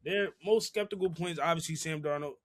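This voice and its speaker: A man's voice: a little high, fairly quick, no echo. A young man co-hosting a casual sports podcast, talking in slang and often repeating his phrases. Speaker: podcast co-host.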